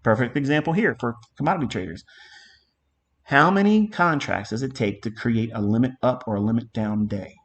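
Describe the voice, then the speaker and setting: A man's voice: medium pitch, animated, fairly quick. Emphatic, profane male trading mentor. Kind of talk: live trading lesson.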